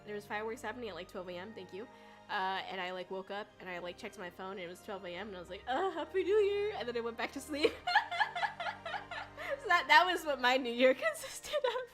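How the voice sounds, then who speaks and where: A young woman chatting casually on a livestream, rambling and giggly with bursts of excitement. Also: medium pitch, fast talker, over music. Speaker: VTuber streamer.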